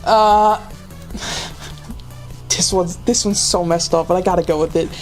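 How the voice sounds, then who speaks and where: A woman co-hosting a casual livestreamed board game, excitable and teasing, laughing often. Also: fairly low pitch, unhurried, faint music behind. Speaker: streamer co-host.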